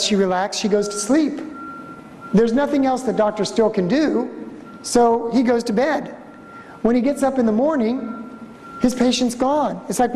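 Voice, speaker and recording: A man giving a storytelling conference lecture as a museum director, an animated speaker who acts out the voices in his stories. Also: high-pitched, a little hiss or hum. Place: conference hall. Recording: reverberant lecture hall.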